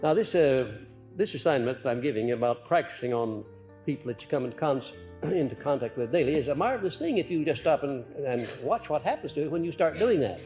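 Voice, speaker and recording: A man giving an earnest, folksy lecture to a live audience, letting his voice rise and drop on purpose and often pausing on "uh". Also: mid-range voice, lively intonation. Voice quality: frequent "uh" hesitations. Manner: folksy, earnest, swings between loud and soft on purpose. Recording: muffled archival recording, faint music.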